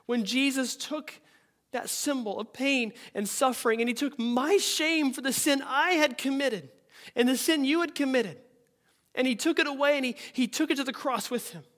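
A man's voice: extremely high pitch, moderate pace, a bit bright. A male pastor preaching a sermon, reading scripture aloud and telling stories in an earnest voice.

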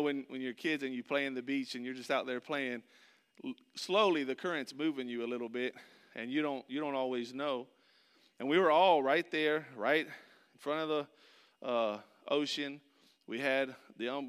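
A man's voice: medium pitch, clean tone. Preaching man in a reverberant hall. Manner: storytelling, swinging from loud excitement to hushed softness. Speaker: pastor. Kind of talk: sermon.

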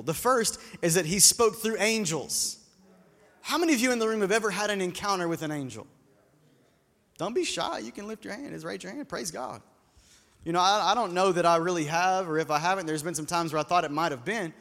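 A high-voiced male pastor delivers a sermon in a casual, conversational way, asking the room questions and doubling back on his words. His voice rings out in a hall with a long reverb tail. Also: fairly bright tone. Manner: conversational preaching, asks the congregation questions, repeats words when restarting. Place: church hall with a congregation.

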